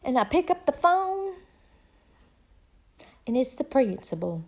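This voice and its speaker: Middle-aged woman, slightly high voice, folksy rambling storyteller. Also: big pitch swings, unhurried. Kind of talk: casual comedic storytelling monologue.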